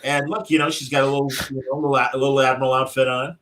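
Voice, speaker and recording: A man's voice: medium pitch, little pitch movement, racing, fairly bright tone. A man hosting a podcast in casual, jokey chat, often breaking into silly voices. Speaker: podcast host.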